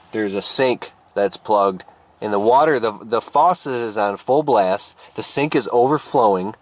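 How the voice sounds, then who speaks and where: A man giving an improvised motivational story in an animated, emphatic way. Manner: animated, emphatic, jumps up in pitch for effect. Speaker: motivational speaker.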